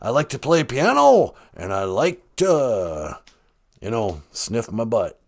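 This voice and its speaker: A man's voice: medium pitch, very animated, takes it slowly, darkish tone, exaggerated voice. A man voicing a goofy male talking dog who calls in to a podcast, with a folksy, jokey delivery. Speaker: caller. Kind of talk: comedy call-in sketch.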